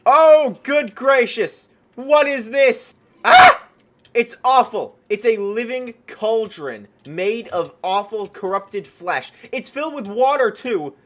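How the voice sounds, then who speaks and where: An excitable man commenting on his own gameplay as a gaming YouTuber. His voice sits high and swings widely in pitch, with a bright, sharp tone. He often breaks into startled yelps. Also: takes it slowly, slight background noise.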